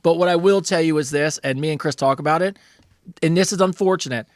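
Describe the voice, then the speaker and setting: A man's voice: fairly high pitch, fast talker, no room sound, clean studio sound. A man co-hosting an advice podcast in casual chat, laughing often and swearing freely. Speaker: podcast co-host answering listener questions.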